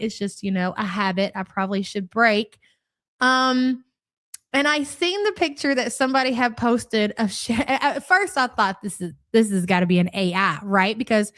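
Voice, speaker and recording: A woman's voice: medium pitch, a bit bright, dry recording, clean studio sound. A woman with a cold hosting a live stream, chatting casually and greeting viewers by name one after another. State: stuffy, has a cold.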